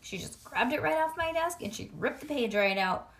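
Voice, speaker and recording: A woman reading a children's storybook aloud to a child in an expressive, sing-song way. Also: high-pitched, moderate pace. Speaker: reader.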